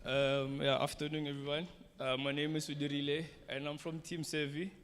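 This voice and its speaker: A man's voice: on the high side, level tone, normal speed. A man gives a hesitant summary of a training day to a group, with many ums. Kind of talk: workshop presentation. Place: training room. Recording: echoey room with faint noise.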